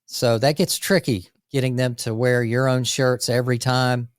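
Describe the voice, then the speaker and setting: A man co-hosting a casual business podcast, talking energetically through lists with quick asides about running a landscape company. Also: mid-range voice, flat delivery, no echo, clean studio sound.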